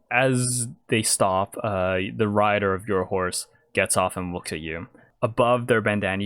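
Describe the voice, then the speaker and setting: A man narrating as game master for a tabletop game, relaxed and hesitant with fillers. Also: on the low side, dry recording, clean studio sound.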